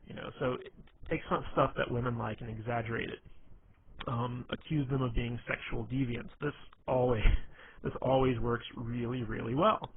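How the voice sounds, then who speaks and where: A man's voice: medium pitch, fairly even intonation, moderate pace. Man on a tinny phone-like recording. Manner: rambling, many fillers and restarts. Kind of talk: casual instructional talk. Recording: tinny phone-like audio with faint noise.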